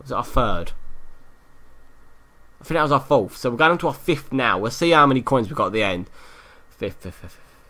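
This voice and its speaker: Gamer guy, bright voice with big pitch swings, excitable and foul-mouthed while commentating his own play. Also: fairly quick, long pauses. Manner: excitable, swears a lot, yells at the game. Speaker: gaming YouTuber. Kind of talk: live gameplay commentary.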